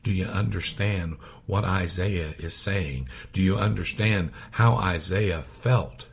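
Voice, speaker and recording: A man preaching a sermon, swinging from loud raised passages to hushed whispers. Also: low voice, slow, gravelly, few pauses, husky.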